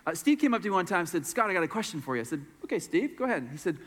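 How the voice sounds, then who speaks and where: A middle-aged man preaches and tells a story from the pulpit. He acts out the people in it in a high, very lively voice. A long reverb from a large hall trails behind him. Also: very fast. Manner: animated storyteller acting out voices. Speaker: pastor. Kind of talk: sermon storytelling.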